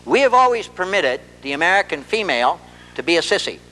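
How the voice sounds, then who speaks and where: A man with a fairly high voice gives a public talk, his pitch swinging widely as he acts out little scenes. His words ring with long reverb through a big hall. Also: fast talker. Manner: animated storyteller who acts out dialogue. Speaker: marriage and family therapist giving a talk. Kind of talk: public lecture.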